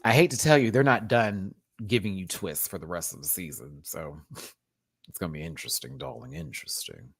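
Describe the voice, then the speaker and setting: A man hosting a casual live-stream review, chatty and sassy, calling viewers honey and child, often swooping up into high exclamations. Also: sing-song, a little fast, creaky, fairly bright tone, husky, no room sound. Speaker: show review host.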